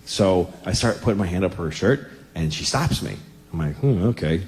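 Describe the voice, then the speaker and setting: Male stand-up, forties, lively pitch, raunchy confessional rambler. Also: moderate pace, big-room sound. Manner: crude, self-deprecating, rambling confessional. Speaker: stand-up comedian. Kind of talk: stand-up routine.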